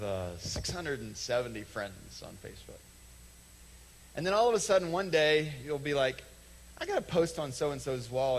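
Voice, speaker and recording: A pastor preaches to his church in a relaxed, conversational way, slipping into little quoted back-and-forths and then slowing right down to land a point. His voice sits in an ordinary middle pitch for a man. A faint hum runs under the stage microphone. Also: gravelly, rough recording. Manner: conversational, acts out little quoted dialogues, slows for emphasis. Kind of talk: sermon. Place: church sanctuary.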